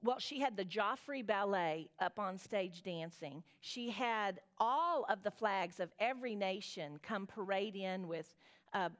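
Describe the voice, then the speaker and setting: A woman's voice: medium pitch, expressive, measured pace. A woman in her forties with a Southern accent, teaching a Bible study in a conversational way, reading scripture aloud and chatting with her listeners. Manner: reads scripture aloud, then chats with the audience in a homey way.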